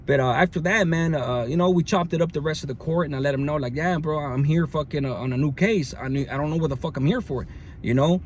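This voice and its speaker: Man with a fairly high voice, casual storyteller full of slang and fillers, faint hiss behind him. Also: fast. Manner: slangy, lots of fillers and restarts. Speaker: storyteller recounting jail experience. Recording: faint background noise.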